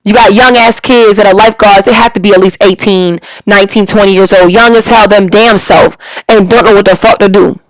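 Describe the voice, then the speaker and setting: A woman's voice: medium pitch, fairly even intonation, brisk, no echo, rough recording. A woman, a parent, telling a story in a heated, emphatic, profane rant full of slang. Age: adult parent. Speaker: storyteller vlogger.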